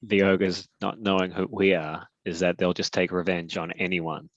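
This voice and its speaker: A man plays a tabletop game and speaks slowly and thoughtfully. His voice is very deep, and the mic sounds dull and lo-fi. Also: level tone, dry recording. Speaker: player. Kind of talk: casual tabletop game play.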